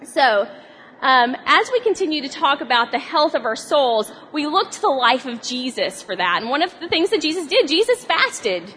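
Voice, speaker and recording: A woman preaching a sermon in a chatty, animated way, asking her congregation questions. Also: high-pitched, moderate pace, a little hiss or hum. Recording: long hall reverb.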